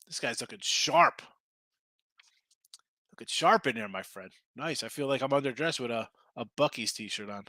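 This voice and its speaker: Bright-voiced man ranting about betting lines. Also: medium pitch, very animated, normal speed, no room sound. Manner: loose, ranting, talks straight to the chat. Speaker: sports betting show host. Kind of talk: casual live-stream chat reading viewer comments.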